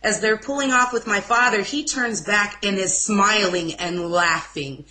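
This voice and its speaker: A young woman giving an emotional personal testimony in an informal interview, speaking haltingly with restarts. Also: medium pitch, pushed and bright, a little hiss or hum, poor audio. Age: young adult. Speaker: interview guest.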